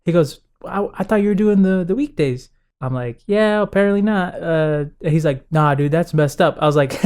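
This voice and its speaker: Animated young man, higher voice. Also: normal speed. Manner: animated storyteller, acts out quotes, laughs often. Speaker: podcast co-host. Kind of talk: casual chat.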